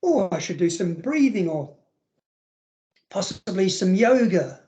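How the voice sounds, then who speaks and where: A man's voice: high voice, big pitch swings, a little slow, mellow. A man acting out a falsely serene, apologetic child in a mock-sincere, sing-song voice.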